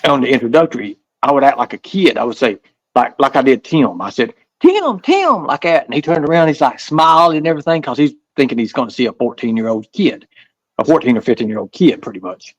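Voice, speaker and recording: A Southern man talks through a casual interview in a middle-pitched voice, his words tumbling out with restarts and repeats. The sound is dry and close, with no room around it. He slips into other people's voices when he tells a story. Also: quick pace, no echo, dull audio. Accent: Southern American. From American South. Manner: rambling, repeats words, acts out voices in stories. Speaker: interview guest.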